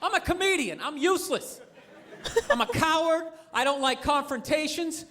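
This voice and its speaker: A male stand-up comedian ranting in an animated way, breaking into shouts, on a noisy stand-up recording. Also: very high-pitched, moderate pace.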